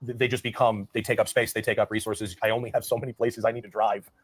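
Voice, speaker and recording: A man's voice: on the low side, flat delivery, fast. A man answering interview questions in an earnest, self-aware and explanatory way. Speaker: interview guest in a played clip.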